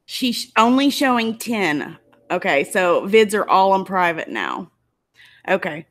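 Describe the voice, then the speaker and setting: A woman's voice: mid-range voice, sing-song, slow pace. A woman YouTuber giving an angry, emotional commentary, tearful and indignant as she talks. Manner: emotional, indignant, close to tears.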